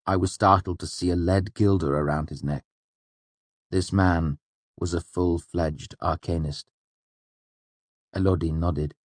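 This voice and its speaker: A man reading a novel aloud as narrator, in a measured, even storytelling manner. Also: low-pitched, dry recording. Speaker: audiobook narrator. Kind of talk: scripted narration.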